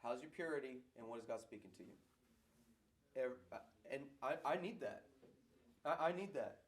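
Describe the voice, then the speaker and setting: A middle-aged man, a pastor, answering audience questions in a lively, playful way that keeps circling back on its points. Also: medium pitch, normal speed. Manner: animated preacher, playful, repeats himself.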